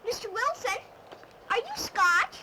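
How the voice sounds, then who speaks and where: A woman voicing a mischievous, pushy little boy in a cartoon, with a high, chirpy child voice. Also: expressive, measured pace, bright, forceful tone, full character voice. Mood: eager. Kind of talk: cartoon voice acting. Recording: noisy old TV audio.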